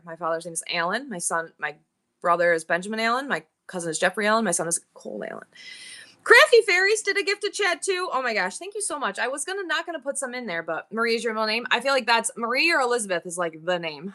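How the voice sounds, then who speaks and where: A woman's voice: a little high, big pitch swings, quick pace, bright, forceful tone. A woman hosting a live online sale, rambling through family stories while thanking viewers by name. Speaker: live-stream seller. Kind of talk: chatty live-sale banter.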